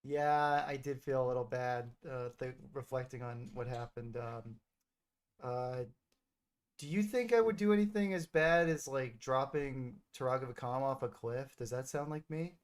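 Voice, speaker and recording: A man's voice: mid-range voice, moderate pace, clean tone. A man streaming, chatting casually and teasingly with frequent hesitations. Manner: playful, teasing, hesitant with many fillers. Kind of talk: casual gaming chat with an AI character.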